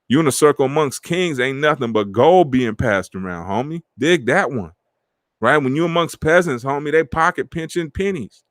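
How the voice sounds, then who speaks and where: A middle-aged man hosting a podcast, talking in animated street slang and acting out the friends he quotes. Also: mid-range voice, moderate pace, dry recording, clean studio sound. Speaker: podcast host. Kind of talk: casual motivational talk.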